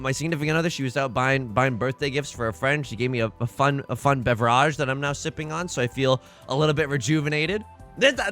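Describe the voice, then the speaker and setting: Animated young man rambling over a game. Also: on the high side. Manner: animated, rambling, self-mocking asides. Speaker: let's play host. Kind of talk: casual gaming commentary.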